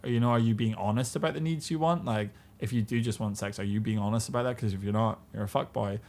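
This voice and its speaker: Here a British podcast guest in his twenties chats openly, laughing a lot and filling his speech with fillers. He talks fast, in a fairly low, darkish voice.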